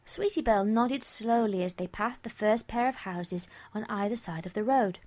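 A woman reading a story aloud as narrator, in an expressive, animated manner. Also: medium pitch, normal speed.

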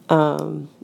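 Slow, gravelly low-voiced woman. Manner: hesitant, many ums, frequent soft laughs. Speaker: storyteller addressing a coworker. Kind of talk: casual spoken role-play monologue.

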